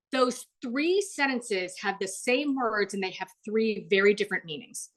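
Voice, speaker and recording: A woman leading an online workshop, heard through a video call microphone. She talks in a loose, chatty way, leaning on "like" and "um". She jumps high in pitch whenever she acts out the people she quotes. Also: moderate pace, a bit bright. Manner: chatty, frequent "like" and "um". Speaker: webinar presenter. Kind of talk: live online workshop talk.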